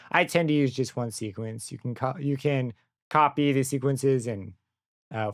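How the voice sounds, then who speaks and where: A young man walking through a software synth plugin in a casual tutorial, thinking aloud and correcting himself as he goes. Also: mid-range voice, smooth, dry recording. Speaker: plugin reviewer. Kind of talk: screen-recorded software tutorial. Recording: dry close mic with synth music under it.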